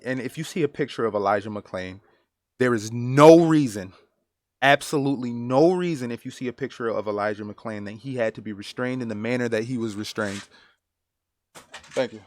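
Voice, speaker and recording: A man giving personal commentary as a vlogger, earnest and emotional, halting and repeating phrases for emphasis. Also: medium pitch, dry recording, clean studio sound.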